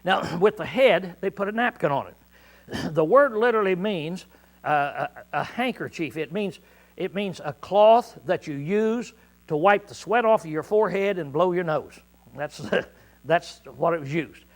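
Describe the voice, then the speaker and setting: High-voiced preacher clearing his throat. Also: lively intonation, a little slow. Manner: clears throat often, repeats words, folksy asides; shouts quoted lines. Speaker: pastor. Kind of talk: sermon.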